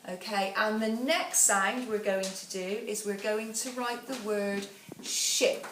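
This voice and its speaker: A woman teacher giving a phonics dictation lesson, counting down and sounding out words slowly and patiently. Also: mid-range voice, fairly even intonation, fairly bright tone. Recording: echoey room, voice a bit far from the mic, faint background noise.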